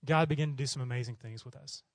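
Fast-talking animated male preacher. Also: medium pitch, no echo. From Oklahoma. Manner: animated, acts out voices in his stories. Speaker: missionary preacher. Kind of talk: storytelling sermon.

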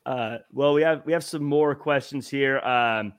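A man's voice: mid-range voice, a little slow, clear, resonant tone, no echo, clean studio sound. Easygoing male podcast host. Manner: easygoing, laughs often. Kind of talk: casual podcast chat, reading chat questions.

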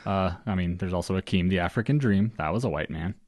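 A man's voice: deep voice, fast, darkish tone. A man co-hosting a podcast, dropping dry, wry remarks into the chat. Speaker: podcast co-host. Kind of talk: casual chat.

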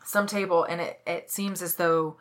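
A woman's voice: fairly low pitch, fairly even intonation, normal speed. A woman co-hosting a podcast, telling stories in casual chat and laughing easily. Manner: chatty storyteller, laughs easily. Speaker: podcast co-host.

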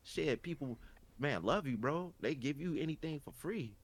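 Co-hosting a podcast, this Chicago-accented man speaks at a normal speed in a fairly high-pitched voice. His storytelling is animated and loose, peppered with swearing and heavy slang, all in an easygoing conversational style.

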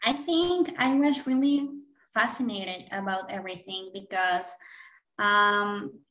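A woman's voice: mid-range voice, slow pace, fairly bright tone. Emotional, rambling woman in an echoey room. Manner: emotional, rambling, laughs often. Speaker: podcast co-host. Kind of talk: casual chat.

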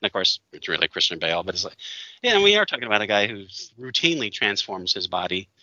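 A man's voice: lowish voice, big pitch swings, quick pace, bright, forceful tone, no echo. A man co-hosting a casual chat, opinionated and rambling as he reviews a film, laughing often. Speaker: podcast co-host. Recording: dull dry lo-fi sound.

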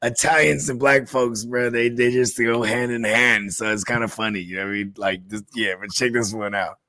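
Dude chatting casual and hyped, lotta slang, dry room. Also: male voice, mid-range voice, normal speed, no echo. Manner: loose, slangy, excited. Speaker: host reacting to a comedy clip. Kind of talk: casual chat.

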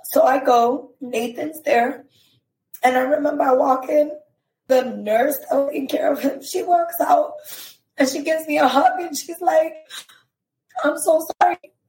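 A woman telling a painful personal story as a podcast guest, emotional and halting, with many fillers. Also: high-pitched, darkish tone, roomy sound, rough recording.

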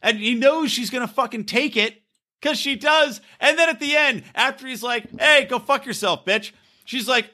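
A man's voice: very high voice, normal speed, sharp tone. A man co-hosting a podcast, chatting casually about reality TV, acting out quotes and cracking crude jokes. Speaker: podcast co-host. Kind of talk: casual chat recapping reality TV.

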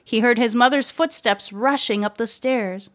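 A woman narrating a children's story aloud, gentle and measured. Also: a little high.

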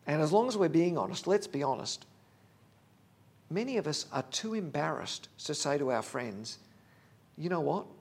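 A man's voice: a little high, sing-song, moderate pace, husky. A man preaching a sermon, earnest and candid, talking plainly to the congregation with fillers.

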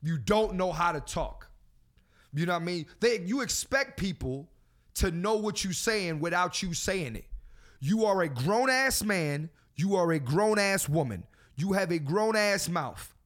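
A man's voice: high voice, expressive, measured pace, fairly bright tone. A man hosting a casual podcast, talking in a profane, preachy and joking way. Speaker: podcast host.

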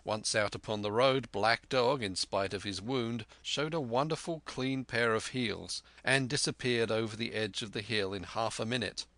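A man narrating a storybook tale in a measured, vivid reading. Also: on the low side, a bit bright, dry recording.

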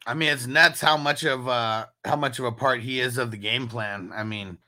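A man co-hosting a casual fantasy football chat, reading viewer comments aloud, laughing often and getting excitable. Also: mid-range voice, normal speed.

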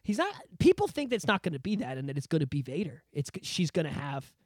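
A man hosting a podcast in casual chat, excitable and emphatic, swearing freely. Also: fairly high pitch, fast talker, dry recording, studio quality. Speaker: podcast host.

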